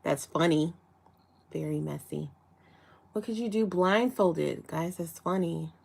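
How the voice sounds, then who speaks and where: Her voice is low, gravelly, and darkish with a breathy edge, and she takes things slowly. The host, a young Chicago woman in her 20s, giggles and chats while reading out viewer comments on her live stream.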